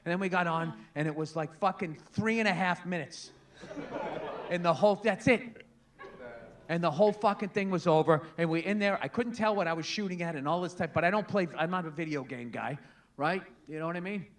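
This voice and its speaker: A man doing profane stand-up storytelling, shouting exasperated punchlines over a laughing live crowd. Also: sits high, brisk. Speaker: stand-up comedian. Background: audience laughing.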